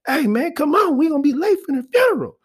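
A man hollering as a loud rowdy uncle. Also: very animated, quick pace. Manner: shouting, high and strained. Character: loud rowdy middle-aged uncle, yelling.

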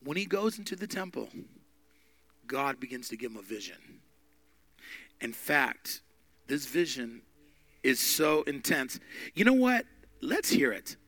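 A man preaching a sermon with emphatic delivery, swinging between loud and hushed. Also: medium pitch, big pitch swings, measured pace, long pauses, no room sound. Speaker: pastor.

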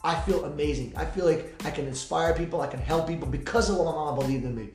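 A man hosting a podcast, speaking fast and heartfelt in an emotional personal monologue, repeating himself and swearing freely. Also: fairly high pitch, a little mellow. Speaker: podcast host. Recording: echoey room with faint music.

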